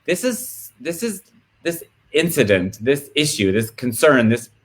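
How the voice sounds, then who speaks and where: A man talking as a guest in a casual video-call chat, animated and rambling in his storytelling. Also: fairly high pitch, a little slow.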